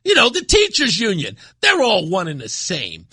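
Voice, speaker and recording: Male talk radio host, emphatic and repetitive, bright voice, dry studio sound. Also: high-pitched, huge pitch swings, moderate pace, husky, no echo. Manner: indignant, emphatic, repeats himself. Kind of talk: political talk radio commentary.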